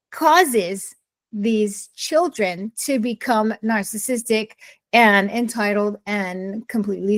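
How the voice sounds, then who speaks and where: A middle-aged woman talking casually to camera as a blogger, opinionated and emphatic, often wandering and restarting her sentences. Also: on the high side. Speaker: blogger sharing personal experience.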